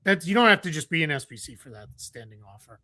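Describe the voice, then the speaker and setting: Male co-host, slightly high, bright and forceful, chatty and easygoing. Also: very animated, quick pace. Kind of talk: casual podcast chat.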